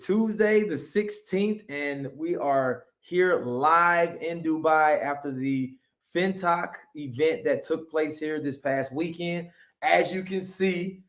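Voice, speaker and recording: Pumped up guy hosting a live stream, kinda high voice, loud and excited. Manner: hyped, upbeat, loud. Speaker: host. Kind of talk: excited livestream chat.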